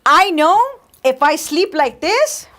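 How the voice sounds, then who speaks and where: A woman guest on a podcast, telling stories in animated, profane casual chat, laughing often. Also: high-pitched, takes it slowly. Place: podcast studio.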